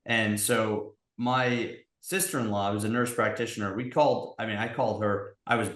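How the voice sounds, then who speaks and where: A man's voice: lowish voice, steady tone, moderate pace, fairly bright tone. A man, a guest on a podcast, sharing a personal story in an earnest, reflective way. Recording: roomy echo.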